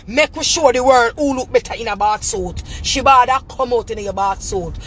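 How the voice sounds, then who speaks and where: A woman's voice: on the high side, normal speed, fairly bright tone, slightly rough. A woman with a Jamaican Patois accent delivering an angry, profane, repetitive rant straight to camera. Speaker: vlogger.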